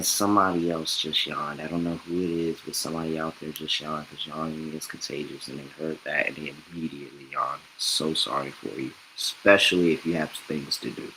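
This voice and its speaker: A man's voice: rumbling low, pushed and bright, a little hiss or hum, low-quality recording. A man hosting a sports betting podcast, talking casually and rambling, correcting himself as he goes and reading ads. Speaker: podcast host.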